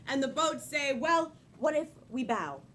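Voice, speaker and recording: A woman performing improvised bar jokes on stage, delivering punchlines deadpan. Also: sits high, measured pace, heavy background noise. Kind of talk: improvised joke-telling. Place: comedy theater stage.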